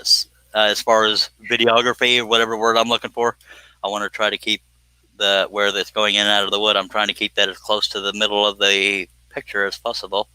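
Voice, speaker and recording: A man's voice: lowish voice, bright, forceful tone, smooth, no echo, poor audio. A man, hosting a live stream and chatting casually while he works, rambling and self-deprecating.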